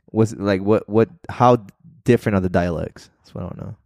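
A man's voice: lowish voice, brisk, darkish tone, no room sound, studio quality. A man co-hosting a podcast in laid-back, casual chat, swearing and saying bro. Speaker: podcast co-host.

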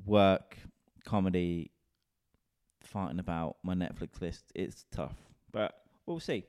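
A man's voice: low voice, takes it slowly, a little mellow, smooth, no room sound, studio quality. A man, a comedian and podcast host, rambling in a casual, sweary, self-mocking solo rant.

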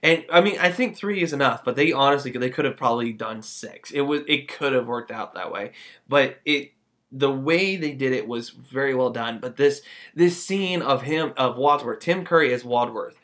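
A man co-hosting a casual film review podcast, rambling with restarts and fillers, then animated when he acts out lines. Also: mid-range voice, moderate pace. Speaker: podcast co-host. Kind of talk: casual movie review chat.

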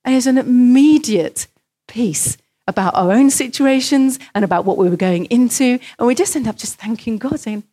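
A woman's voice: on the high side, lively intonation, moderate pace, dark tone. A woman preaching a sermon in church, telling stories and acting out the voices of the people in them. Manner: storytelling, acts out quoted voices.

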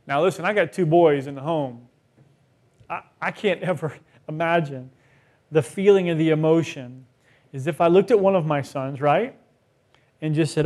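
A man's voice: high voice, normal speed, a little mellow. A middle-aged male pastor giving a conversational sermon, asking rhetorical questions and acting out quoted voices.

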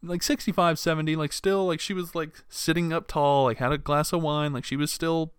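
A man's voice: fairly high pitch, steady tone, fairly quick, smooth, no echo. Young man ranting, dry close sound. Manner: exasperated, profane, rambling with restarts. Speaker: podcast host. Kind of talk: casual solo rant.

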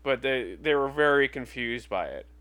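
A man chatting casually about films and accents, relaxed and easygoing. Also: medium pitch, normal speed.

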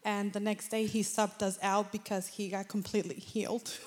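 A woman telling a personal testimony to a church in earnest, excited storytelling with frequent laughs. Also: medium pitch, moderate pace, background noise. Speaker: congregation member giving testimony.

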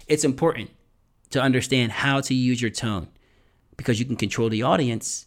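A man's voice: medium pitch, moderate pace. A man hosting a podcast and giving motivational tips on public speaking, emphatic and repetitive, often checking in with "right?" and sometimes dropping to a whisper for effect. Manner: emphatic, repeats points, asks "right?" often. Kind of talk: motivational talk to camera.

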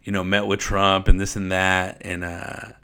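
A man's voice: low voice, level tone, a little slow, bright, forceful tone, clean tone. A man from Riverside, California, telling stories in a laid-back podcast chat, swearing often and saying "dude" constantly. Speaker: podcast host. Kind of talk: casual storytelling.

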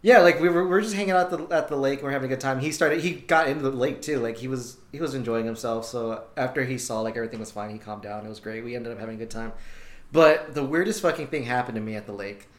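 A man's voice: mid-range voice, fast talker. A young man telling a story in casual chat, swearing and laughing as he goes. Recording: echoey room.

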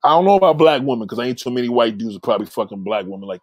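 A man's voice: medium pitch, animated, rapid-fire, no room sound. A man talking straight into the camera, blunt and profane, rambling as he gives advice. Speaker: vlogger giving advice. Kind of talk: casual monologue.

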